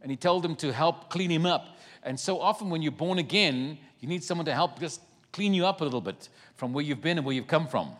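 A man preaching a sermon, retelling a scripture story with animated, acted-out voices and asides. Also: a little high, fairly quick, long reverb tail.

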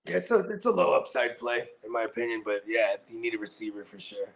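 A man's voice: medium pitch, big pitch swings, quick pace, gravelly, a bit bright. A man in casual, profane, slangy chat as a co-host on a fantasy football show.

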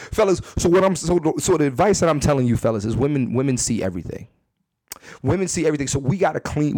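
A man's voice: on the high side, no room sound. Profane, dry-miked male comedy podcaster. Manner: profane, animated, repeats himself for emphasis. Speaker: podcast host. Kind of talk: comedic storytelling monologue. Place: his second bedroom at home.

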